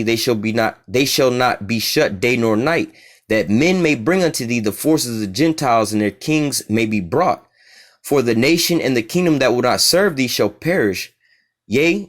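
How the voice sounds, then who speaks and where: Man, Bible teacher, casual slangy explanations, slow deliberate verse reading, mid-pitched voice. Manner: slangy, street-talk asides between slow verse readings; reads scripture slowly and deliberately. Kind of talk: informal scripture teaching.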